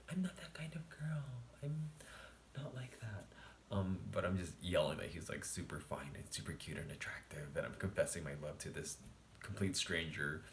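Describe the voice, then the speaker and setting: A man quietly telling a casual storytime vlog late at night at home, keeping his voice down and laughing often. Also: sits low, roomy sound, a little hiss or hum. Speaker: vlogger.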